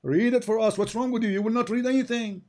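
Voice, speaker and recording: Man, hoarse, high voice, insistent, repeats questions, heated debate. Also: steady tone, fast, darkish tone. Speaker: debate host.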